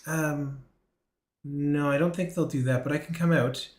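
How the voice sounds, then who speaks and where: A man's voice: a little high, fairly even intonation, measured pace, a little mellow. A man running a tabletop game as game master, narrating with a hesitant manner and many fillers. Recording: roomy echo.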